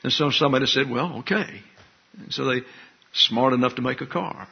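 Older preacher with a husky voice. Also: male voice, medium pitch, flat delivery, quick pace, lo-fi sound. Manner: folksy, teasing asides to the congregation. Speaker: pastor. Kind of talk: sermon.

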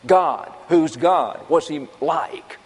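A man's voice: on the high side, expressive, slow pace, breathy edge. A man preaching a sermon in a folksy, conversational way, asking and answering his own questions. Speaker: pastor. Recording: long reverb of a church hall.

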